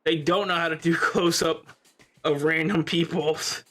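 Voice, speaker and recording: A man casually chatting with a friend while gaming, laughing often and rambling as he goes. His voice sits a bit high and sounds bright and sharp, with quiet game music behind him. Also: steady tone, measured pace. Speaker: gamer streaming with a friend.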